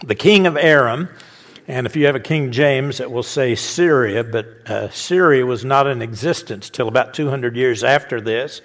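A man's voice: medium pitch, moderate pace, fairly bright tone, in a large hall. A man giving an informal Bible teaching sermon, talking conversationally, restarting phrases and chuckling at his own asides.

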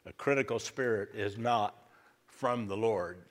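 A man's voice: fairly low pitch, a little slow. A male pastor preaching a sermon, emphatic and repeating his key lines for effect. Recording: reverberant church hall.

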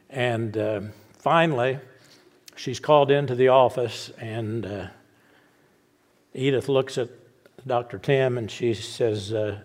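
A man preaches from the pulpit, acting out a story with slow, emphatic words and a mid-range voice. He then drops into a quieter, steady prayer tone. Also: medium pitch. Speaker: pastor.

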